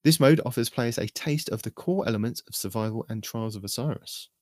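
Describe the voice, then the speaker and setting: A man hosting a weekly game update, reading through a scripted news rundown in a steady, even delivery. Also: medium pitch, dry recording, studio quality.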